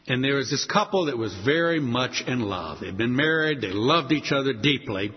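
An older man preaching a sermon, telling stories and acting out voices with sudden high leaps. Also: moderate pace. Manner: animated, acts out quoted voices with big pitch leaps. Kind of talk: sermon storytelling. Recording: dull sound with long hall reverb.

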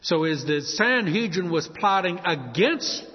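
A man's voice: sits high, animated, unhurried, husky. A man preaching a sermon, reading scripture aloud and explaining it verse by verse. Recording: echoey hall, dull lo-fi sound.

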